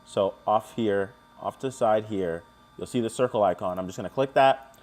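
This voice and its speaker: A man's voice: lowish voice, moderate pace, a little mellow. Chatty man hosting a live tutorial. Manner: chatty, jokey, talks to chat viewers. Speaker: live stream host.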